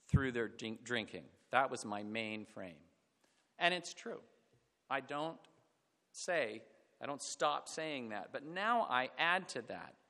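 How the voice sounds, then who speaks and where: Man preaching in a reverberant hall. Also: fairly high pitch. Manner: reflective, drops to a hush on sad points. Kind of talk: sermon.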